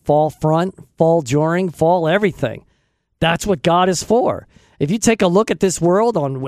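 Animated joking male radio host. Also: high-pitched, no room sound, clean studio sound. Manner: joking, self-mocking, talks to himself. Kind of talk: casual rambling radio chat. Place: radio studio. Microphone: studio microphone.

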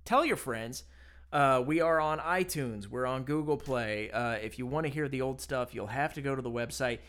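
A man's voice: medium pitch, moderate pace, fairly bright tone. A man co-hosting a podcast in casual banter, joking and rambling, often laughing. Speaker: podcast co-host.

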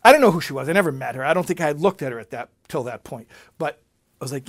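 A man speaking as a rabbi, telling a personal story in an animated way and often repeating himself. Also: fairly high pitch, rapid-fire. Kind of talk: storytelling talk.

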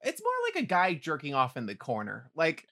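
Male podcast co-host, high lively voice, bright tone, rambling crude banter. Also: brisk. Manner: rambling, crude jokes, many "like" fillers. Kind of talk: casual chat.

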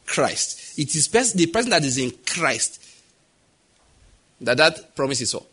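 A Nigerian man preaching a sermon in a husky, slightly breathy voice that sits a little high for a man. He tells his stories with animation and acts out the voices of the people in them. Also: measured pace. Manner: animated storytelling, acting out quoted voices.

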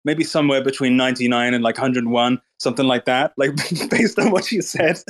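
A man's voice: medium pitch, brisk. Blunt, sweary man in casual chat. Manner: blunt, swears freely, mocking. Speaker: Twitter space speaker.

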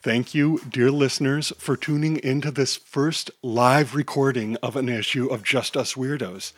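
A man tells a children's superhero story with animated, theatrical energy, his pitch in an ordinary middle range. The recording is dry and close, with no room sound around him. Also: unhurried, no room sound. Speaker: storyteller and podcast host. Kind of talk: children's audio story narration.

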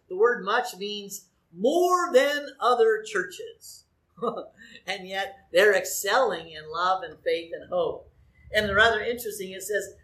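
A man's voice: high-pitched, fairly bright tone. A man, a pastor, preaching a sermon and asking his congregation questions. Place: church sanctuary. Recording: echoey church room.

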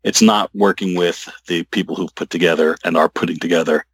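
A man talking as an interview guest about his comic work, halting and rambling with many restarts. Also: low voice, steady tone, slightly rough, no room sound. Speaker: comic book writer guest. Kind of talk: casual interview talk.

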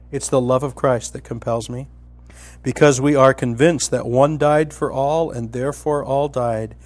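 A man teaching from the Bible in a conversational, colloquial style, telling the story vividly and swinging from loud to hushed. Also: on the high side, normal speed. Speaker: preacher.

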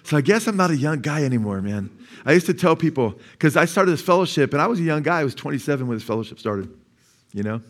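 A man's voice: fairly high pitch, lively intonation, quick pace. A man of sixty, a pastor, preaching a sermon at a church service. He keeps asking the congregation questions, waits for them to answer, and repeats key phrases for emphasis. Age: 60s.

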